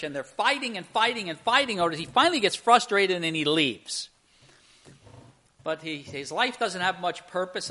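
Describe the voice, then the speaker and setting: Bright, animated male preacher. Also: on the high side. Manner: animated storytelling, rising loud for emphasis. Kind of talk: sermon.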